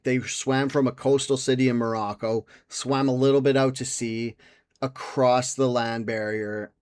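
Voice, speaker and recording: A young man hosting a podcast in casual chat, rambling and sarcastic, swearing and mimicking people in silly voices. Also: medium pitch. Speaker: podcast host.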